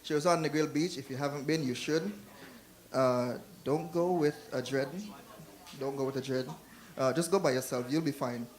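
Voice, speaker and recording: A man's voice: mid-range voice, normal speed. A man from Jamaica with a Jamaican accent, performing a stand-up comedy set on a club stage and putting on voices for the people in his jokes.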